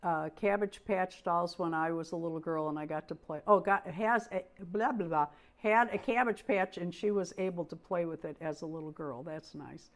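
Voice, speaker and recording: A woman's voice: lowish voice, normal speed, few pauses. Chatty woman with a tiring voice. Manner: friendly, chatty, laughs often. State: losing her voice, clearing throat. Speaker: co-host of a doll collecting livestream. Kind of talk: casual chat.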